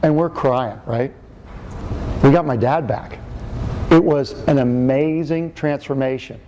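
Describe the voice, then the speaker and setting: A man's voice: medium pitch, unhurried, warm tone, dull audio, slight background noise. A middle-aged man giving a talk, telling a personal story in a chatty, joking way with frequent fillers and restarts. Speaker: speaker and author.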